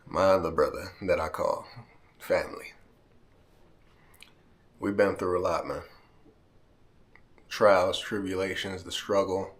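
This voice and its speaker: A man's voice: deep voice, fairly even intonation, slow, pauses often, fairly bright tone. A man vlogging straight to camera, talking heartfelt and emotional to his friends, near tears and often tagging lines with "man". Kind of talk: emotional direct-to-camera vlog.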